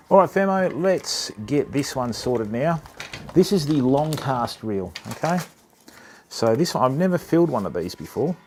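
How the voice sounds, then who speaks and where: A man's voice: medium pitch, big pitch swings, normal speed, darkish tone, a little hiss or hum. A young Australian man streaming live, chatting casually to viewers while demonstrating.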